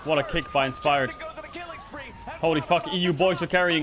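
High-pitched guy hyped up reacting to a game live, swears a lot, laughs a lot. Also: moderate pace, pauses often, music in the background. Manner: excitable, swears, laughs often. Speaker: streamer co-streaming a match. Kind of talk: excited live reaction commentary.

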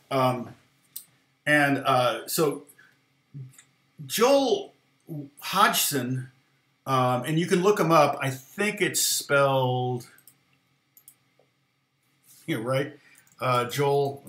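A man's voice: mid-range voice, bright, forceful tone, echoey room. A middle-aged man, a guitar teacher, telling a rambling story with lots of fillers, restarts and laughter. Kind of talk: casual storytelling aside.

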